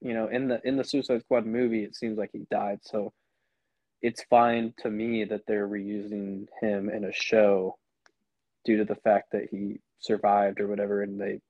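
A man's voice: lowish voice, little pitch movement, normal speed, no echo, muffled recording. A young man co-hosting a podcast, chatting casually and rambling as he retells scenes. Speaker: podcast co-host. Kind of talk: casual chat.

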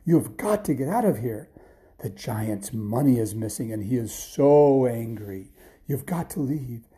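A man voicing the giant's kindly, nervous wife in a bedtime story, speaking in soft, hushed tones. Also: mid-range voice, animated, a little slow, lightly acted. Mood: worried.

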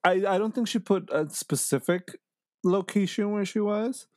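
A man's voice: high voice, normal speed, dry recording, clean studio sound. A young man co-hosting a podcast in casual chat. He is laid-back, laughs often, and trails off mid-sentence. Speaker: podcast co-host.

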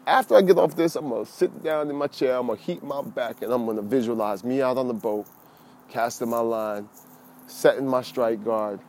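Lively, preachy man with a mellow voice. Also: medium pitch, normal speed, a little hiss or hum. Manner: lively, preachy, addresses listeners as y'all. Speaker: fishing podcaster. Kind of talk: casual monologue.

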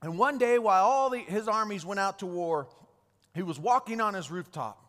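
A man's voice: sits high, expressive, moderate pace, fairly bright tone. A man preaching a sermon, retelling Bible stories with restarts and repeated words. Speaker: pastor. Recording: long hall reverb.

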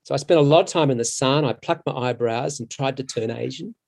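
A middle-aged man, a stage actor, telling a long anecdote in a casual, halting way with many restarts. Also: medium pitch, vocal fry, darkish tone. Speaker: musical theatre actor, interview guest.

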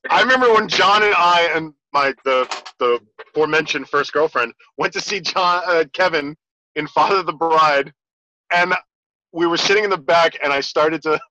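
A man's voice: a little high, moderate pace, bright, forceful tone, no room sound, low-quality recording. A man in casual chat, telling rambling stories and laughing as he goes. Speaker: podcast guest.

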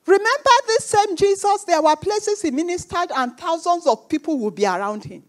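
A woman's voice: very high voice, lively intonation, normal speed, darkish tone. A woman preaching a sermon with emphatic repetition, acting out the voices of the people in her stories. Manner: emphatic, repeats phrases, acts out quoted voices.

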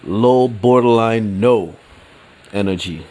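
A man hosting a casual solo sports podcast, rambling in a relaxed, slangy way and laughing often. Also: lowish voice, takes it slowly. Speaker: podcast host.

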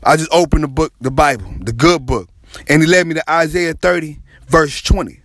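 A man preaching with fervent, repetitive intensity, his voice sitting a little high for a man. He stretches phrases and lets some lines rise into a half-sung cry. The sound is close and dry, with no room around it. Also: fairly bright tone, no room sound. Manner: impassioned, repetitive, dramatic pauses, half-sung cries. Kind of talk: sermon.

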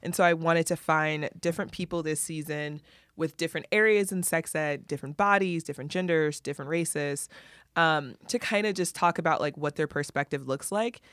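Playful low-voiced woman podcast host. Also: a bit bright, no room sound, clean studio sound. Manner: playful, teasing, quick quips. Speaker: podcast host, sex educator. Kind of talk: casual chat.

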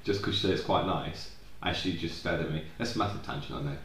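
Rambling low-voiced man. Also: steady tone, quick pace, fairly bright tone, roomy sound, a little hiss or hum. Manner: rambling, tangent-prone, swears freely. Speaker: podcast co-host. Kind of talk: casual chat.

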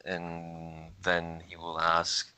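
A man's voice: low voice, monotone, drawn-out words, bright, forceful tone, clean tone. A man playing a tabletop game who talks hesitantly with many fillers. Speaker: player. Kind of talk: tabletop role-play chat.

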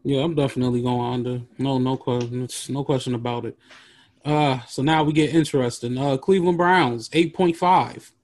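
A man talks through his football picks in a relaxed, casual way. He often restarts his sentences mid-thought. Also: mid-range voice, normal speed, no room sound. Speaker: podcast co-host. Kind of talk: casual sports talk.

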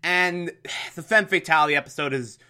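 A man's voice: a little high, moderate pace, bright, forceful tone, clear, resonant tone. A man giving a casual, amused recap of a TV episode, often breaking into laughter.

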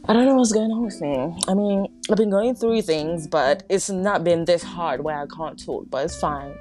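A young woman hosts a casual podcast from home, rambling, giggling, poking fun at herself and stumbling over her words. Her voice is fairly low with a moderate pace. With no microphone nearby, she's recorded on a phone or device, unedited, as pop music plays softly in the background.

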